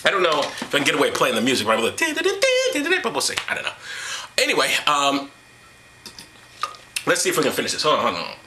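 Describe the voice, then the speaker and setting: A man's voice: medium pitch, lively intonation, quick pace, pauses often, bright, forceful tone, slight background noise. A man hosting a solo commentary, reading verses aloud and mocking them with irreverent, sarcastic asides. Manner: mocking, irreverent, with exaggerated sighs and hums. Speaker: host of an atheist commentary series.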